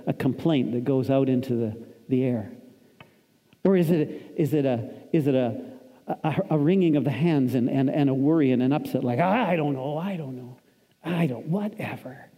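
A man's voice: medium pitch, moderate pace, warm tone. A man in his fifties preaching a sermon as pastor, emphatic and repetitive, quoting scripture. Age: 50s. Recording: long hall reverb.

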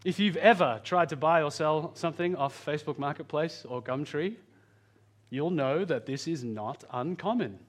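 In his sermon, a man speaks earnestly and pastorally in a voice pitched fairly high for a man. Key phrases come out very slowly while asides are rushed, as he varies pitch and pace to emphasize points.

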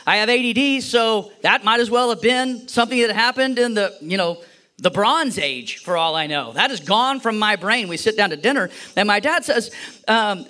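A man's voice: high-pitched, expressive, moderate pace, pushed and bright. A man preaching a sermon, telling a personal story and acting out the voices in it with a playful manner. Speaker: pastor.

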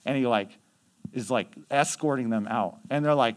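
A man's voice: medium pitch, normal speed. A man leading youth mission trips tells stories in a casual, conversational way, full of fillers. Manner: conversational, chatty with many fillers. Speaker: youth mission trip leader. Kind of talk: casual storytelling.

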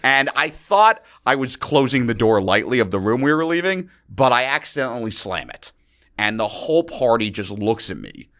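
This is a man from New York City, a comedian sitting in as a podcast guest. He tells his story in a bright, ringing voice that rises and falls a lot. He acts out every quote as he goes. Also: mid-range voice, moderate pace. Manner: animated, acts out quotes, laughs often. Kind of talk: casual storytelling chat.

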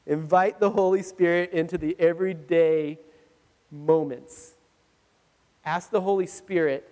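High-voiced man preaching in a reverberant hall. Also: unhurried, long pauses. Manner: animated, conversational, laughs at himself. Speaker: pastor. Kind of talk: sermon with personal storytelling. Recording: long reverb of a large hall.

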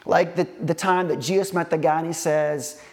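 A man preaching a sermon, earnest and slow, repeating phrases with emphatic pauses. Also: fairly high pitch, fairly even intonation, darkish tone. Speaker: pastor.

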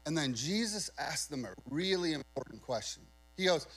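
A man with a fairly high voice preaches a sermon in a relaxed, conversational way. He stresses his key points and keeps throwing questions out to the congregation. A faint mains hum runs under the recording. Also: normal speed, soft background music, rough recording. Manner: conversational, emphatic, asks the crowd questions. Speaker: pastor.

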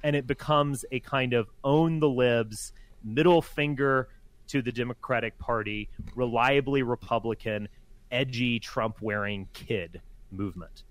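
Male commentator, mid pitch, deliberate delivery, dead dry sound. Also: dry recording. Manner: calm and deliberate. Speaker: political commentator. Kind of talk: measured spoken analysis.

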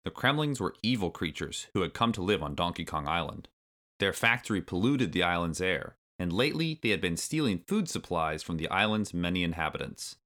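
A man narrating a children's storybook aloud with expressive delivery. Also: low voice, a little fast.

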